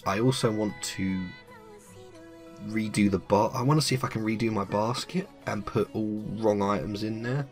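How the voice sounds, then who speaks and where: A man's voice: lowish voice, normal speed, soft background music. A man hosting a let's play, chatting casually and joking as he plays. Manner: chatty, joking, reads game text aloud. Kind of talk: casual gameplay commentary.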